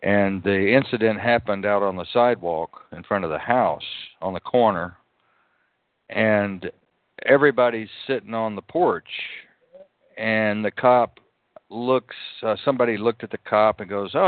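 A man hosting talk radio, telling an indignant story with some swearing. His voice sits on the low side and comes through a tinny, phone-like line. The sound is dry, with no room around it. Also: unhurried, no echo. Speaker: radio show host. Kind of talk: casual talk radio chat.

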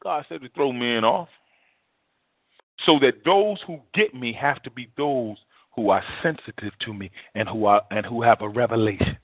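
A male pastor preaching a sermon in an animated, repetitive, vernacular way. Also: mid-range voice, moderate pace, dry recording. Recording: tinny phone-like dry recording.

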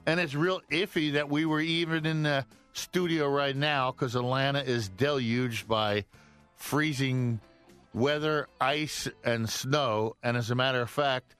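A man's voice: medium pitch, a bit bright, clean tone, no echo. A man hosting a live radio talk show from a studio, upbeat and joking as he banters with his co-host. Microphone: studio microphone.

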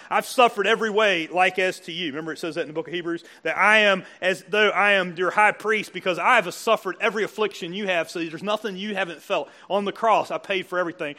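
A man's voice: high-pitched, sharp tone. A pastor preaching a sermon to a church congregation, conversational and full of questions to his listeners. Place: church service before a congregation.

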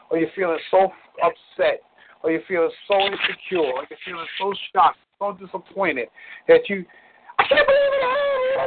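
A man's voice: on the high side, slight background noise. A man giving blunt relationship advice on a call-in show, preachy and repeating words for emphasis. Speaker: relationship coach. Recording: tinny phone-line sound.

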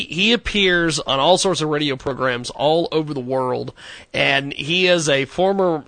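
A man's voice: on the high side, creaky, sharp tone, no room sound. A man hosting a casual studio talk show, rambling with stammered repeats and frequent laughter. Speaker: radio show host.

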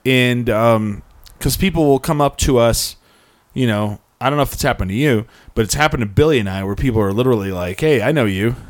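A man's voice: mid-range voice, a little fast, few pauses, dry recording. A young man co-hosting a casual talk show, rambling through anecdotes and acting out what people said to him. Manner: rambling storyteller, acts out quotes. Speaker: podcast co-host. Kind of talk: casual chat.

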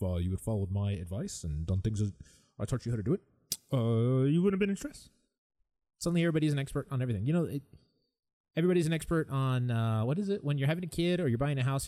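A man's voice: mid-range voice, a little mellow. A man hosting his own podcast, talking candidly and with exasperation about stress, sometimes mimicking other people. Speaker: podcast host. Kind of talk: solo podcast monologue.

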